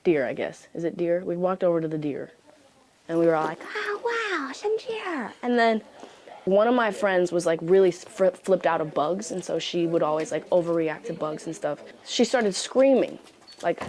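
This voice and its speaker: A young woman telling a story in a casual, animated way, full of slang, swearing and "like" fillers. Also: fairly low pitch, moderate pace. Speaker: interviewee.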